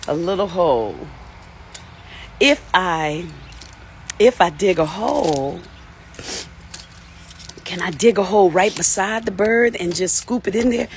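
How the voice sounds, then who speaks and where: Tearful woman streaming from her yard, emotional self-talk, voice jumps around, unhurried. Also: fairly low pitch, expressive, a little hiss or hum. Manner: emotional, repetitive self-talk, nervous laughs. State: tearful, on the verge of crying. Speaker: live-streaming vlogger. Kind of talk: casual live-stream chat to viewers. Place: outdoors in a yard by the lawn.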